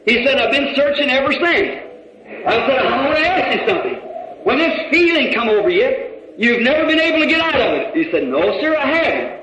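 A man preaching a sermon, retelling a conversation in a folksy way and breaking into shouts, recorded in a church hall. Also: extremely high pitch. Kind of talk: sermon storytelling. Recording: echoey, dull old hall recording.

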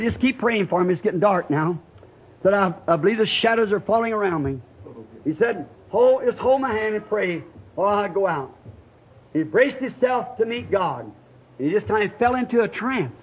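Man, high voice, revival preacher, folksy storytelling, shouting climaxes, muffled old tape. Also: breathy edge. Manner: rising to shouting climaxes, folksy rural speech. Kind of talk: fiery revival sermon with storytelling. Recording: dull lo-fi archival tape with faint hiss.

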